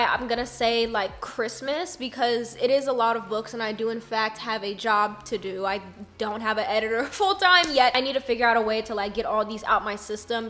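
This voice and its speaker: Bright, chatty young woman vlogger. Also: a little high. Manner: chatty, animated, slangy. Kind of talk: casual vlog chat to camera.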